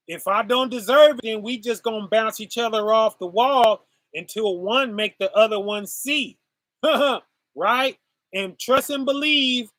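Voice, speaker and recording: Man, preacher, informal sermon, very high voice, unhurried delivery. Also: pushed and bright, dry recording, clean studio sound. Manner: call-and-response asides, laughs while preaching.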